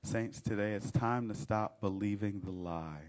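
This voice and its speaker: A man's voice: fairly low pitch, unhurried. A male pastor preaching a sermon with a rhythmic, fervent litany and call-and-response.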